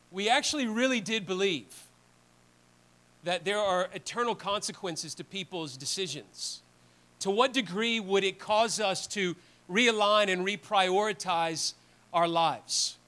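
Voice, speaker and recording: A man's voice: sits high, slow pace, pauses often, bright, forceful tone. A man preaching a sermon in a conversational, earnest way, often restarting phrases. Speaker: pastor.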